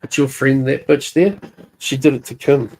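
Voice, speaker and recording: A woman's voice: very deep voice, normal speed, darkish tone. A woman with a New Zealand accent ranting angrily in a live chat, swearing nonstop and calling out people by name. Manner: heated, swearing constantly, jabbing at named people. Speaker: livestream chatter. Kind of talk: angry profane rant.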